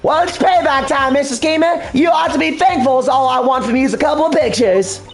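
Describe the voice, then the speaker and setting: A man voicing a pushy female photojournalist in a put-on Southern accent, with fast accusing twang, in a fan dub of a video game. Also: very high voice, faint music behind, voice pushed up. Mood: brash. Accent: put-on American Southern.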